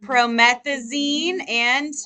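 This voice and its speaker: A woman nursing tutor lecturing a live class, firing rapid questions at her students. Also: sits high, bright, forceful tone.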